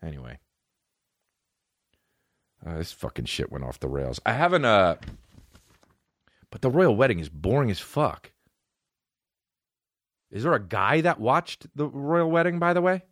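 A man's voice: medium pitch, big pitch swings, unhurried, pauses often, no echo, clean studio sound. A man hosting a comedy podcast, ranting casually in a profane, rambling way and slipping into made-up dialogue. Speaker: podcast host.

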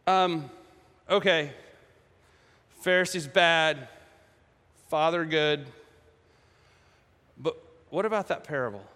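A man's voice: on the high side, takes it slowly, long pauses, pushed and bright, voice pushed down. A man voicing Peter as an eager, fumbling disciple who stammers. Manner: hesitant, stammering. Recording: echoey hall.

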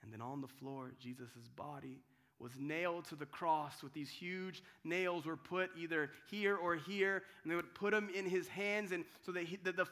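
A man preaching a sermon as pastor, dramatic, swinging from loud cries to hushed tones and often restarting his words. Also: high voice. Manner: restarts and repeats words while telling the story.

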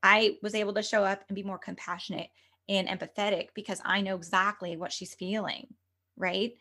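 A woman's voice: mid-range voice, fairly even intonation, fairly quick, bright, forceful tone. Earnest chatty woman spiritual coach. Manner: earnest, chatty, heavy use of "like" and "you know". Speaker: guest medium and spiritual coach. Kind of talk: conversational podcast interview.

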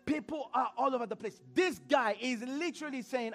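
A man preaching a sermon in church, animated, laughing often and repeating phrases as he questions the congregation. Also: very high voice, moderate pace, faint music behind.

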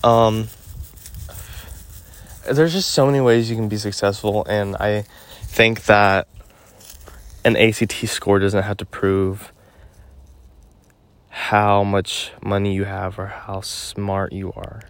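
A man's voice: fairly low pitch, steady tone, slow pace, pauses often, no echo. A teenage boy rambling and ranting into his phone while walking his dog outdoors, full of "like" and "um.". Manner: ranting, filler-heavy with frequent "like" and "um". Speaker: podcast host. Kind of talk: casual rambling monologue.

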